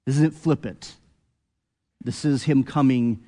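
A man preaching an expository sermon, earnest, rising to emphatic peaks and then dropping low and quiet. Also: a little slow, pauses often, big-room sound.

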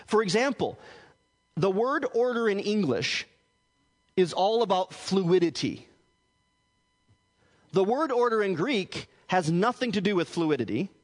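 A man as pastor giving a teaching sermon, explaining earnestly and often restarting his words. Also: sits high. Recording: hall reverb.

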